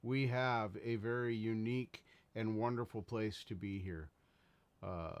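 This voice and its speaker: A man hosting a casual livestream, talking earnestly and rambling as he greets viewers in chat. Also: on the low side. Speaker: livestream host.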